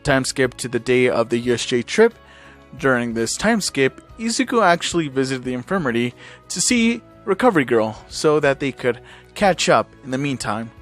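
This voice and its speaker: A man reads a fan-made story aloud at an easy, even pitch, now and then tripping over a word or adding a filler. Soft music plays quietly behind him. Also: moderate pace. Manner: casual, with small slips and fillers. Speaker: channel host reading fan fiction. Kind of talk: casual reading of fan fiction.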